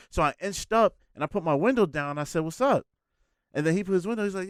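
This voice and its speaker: A man in a casual podcast chat, telling stories in an animated, profane way. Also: fairly high pitch, fast, no echo, studio quality.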